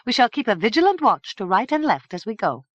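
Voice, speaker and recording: Brief: woman voicing a firm young noble girl, crisp, decisive, pitched up high. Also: sing-song, fairly quick, no room sound, dull audio. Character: firm, level-headed young princess.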